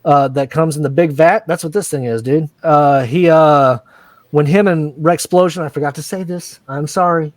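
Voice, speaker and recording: A man's voice: a little high, moderate pace, no echo. Crude joking man recapping a show. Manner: rambling, crude jokey storytelling. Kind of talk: casual profane episode recap.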